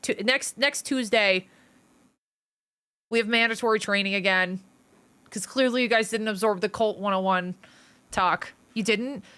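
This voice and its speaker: A woman's voice: medium pitch, unhurried, long pauses, bright, forceful tone, smooth. A woman livestreaming and chatting casually with her viewers, playful and teasing as she jokes around. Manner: playful, teasing, joking with chat. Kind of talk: casual live-stream chat.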